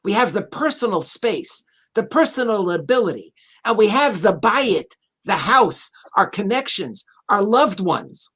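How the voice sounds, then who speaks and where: A man's voice: high-pitched, big pitch swings, unhurried, a bit bright, breathy edge. A man, a rabbi appearing as a guest, teaching a Bible passage in an online interview, speaking earnestly and repeating his key phrases for emphasis. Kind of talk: Torah talk in an online interview.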